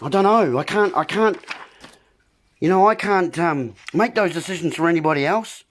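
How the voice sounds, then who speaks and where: Brief: male host, political rant, keeps repeating himself, talks straight to his listeners, voice on the high side. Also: lively intonation, normal speed. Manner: repetitive, ranting, keeps calling out "folks". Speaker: video host. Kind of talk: political monologue.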